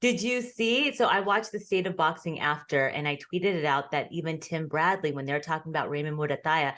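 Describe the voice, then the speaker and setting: A woman co-hosting a boxing talk show with a somewhat low-pitched voice. She chats casually, strings stories together with fillers, and laughs often along the way. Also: fairly quick, a bit bright. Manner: chatty, storytelling, frequent laughter. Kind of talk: casual chat.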